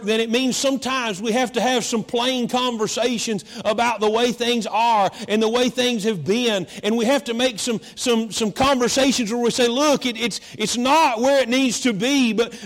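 A man preaching a sermon as pastor, repeating phrases and slowing down for dramatic emphasis. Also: very high-pitched, big-room sound. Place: church.

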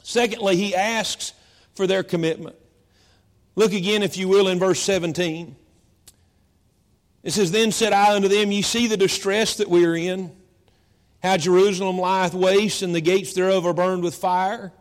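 A man preaching a sermon as pastor, repeating phrases and slowing down for dramatic emphasis. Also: high-pitched, fairly even intonation, big-room sound. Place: church.

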